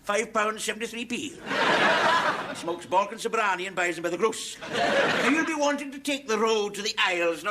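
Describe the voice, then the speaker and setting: Jolly scottish tourism man, punny and loud, highish voice, hissy tape. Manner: punning, hearty and declamatory. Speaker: comedy sketch actor. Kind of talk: scripted comic monologue. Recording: hissy TV recording, audience laughter.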